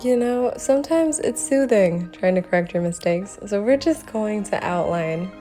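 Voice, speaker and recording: A woman narrating her drawing process in a casual vlog, animated and laughing often. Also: medium pitch, moderate pace, faint music behind. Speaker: art vlogger.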